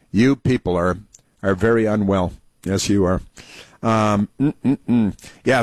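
A man's voice: medium pitch, no room sound. A man from the United States hosting a talk radio show, telling stories in a rambling way with many fillers and restarts. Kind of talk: rambling conversational monologue.

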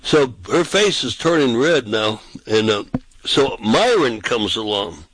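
A man's voice: mid-range voice, very animated, a little slow, a bit bright, poor audio. A man who is a pastor and street preacher, telling anecdotes casually and acting out the quotes in a raised voice. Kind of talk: casual storytelling on a talk show.

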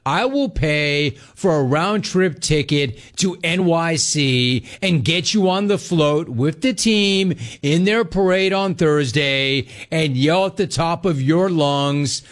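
A man hosting a sports talk radio show, delivering a sarcastic, mocking monologue with animated asides. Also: a little high, slow, hardly any pauses.

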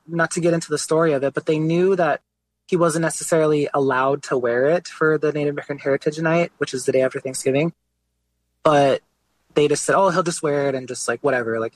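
A man being interviewed as a guest artist, telling his story in a relaxed, casual way, often saying "like" and "you know". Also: mid-range voice, no room sound, rough recording.

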